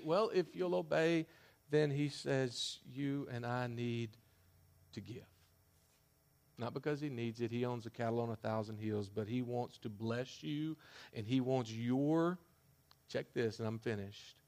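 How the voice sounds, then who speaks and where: A man preaching a sermon as a pastor, emphatic, with loud declarations that drop to hushed asides. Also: mid-range voice, fairly even intonation, a little slow, gravelly, long pauses.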